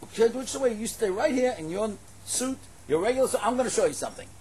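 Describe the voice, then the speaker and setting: Brief: a steady, sure tailor, as a male storyteller puts him on, unhurried. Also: extremely high pitch, slightly rough, voice pushed up, exaggerated voice. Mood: calm. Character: calm skilled male tailor.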